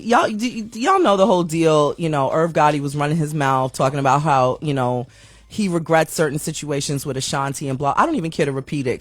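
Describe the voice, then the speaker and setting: A woman's voice: sits low, dry recording. Chatty, slangy woman podcast host. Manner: chatty, slangy, self-mocking, stumbles over words. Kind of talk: casual celebrity news commentary.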